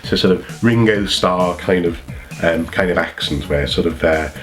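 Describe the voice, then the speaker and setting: A man's voice: sits low, normal speed, a bit bright, faint music behind. Chatty, meandering man with a cold. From North Wales. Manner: meandering, self-correcting, chatty. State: has a cold. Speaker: vlogger. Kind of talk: casual storytelling.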